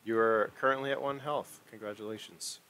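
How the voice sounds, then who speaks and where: A man's voice: lowish voice, steady tone, fairly quick, pushed and bright, a little hiss or hum. A man narrating as game master in a casual, profane, teasing way.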